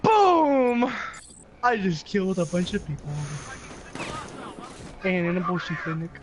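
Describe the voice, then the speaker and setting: Brief: young guy game streamer, high-pitched, crude, rambling banter. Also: fairly even intonation, moderate pace, slight background noise. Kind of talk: casual chat while gaming.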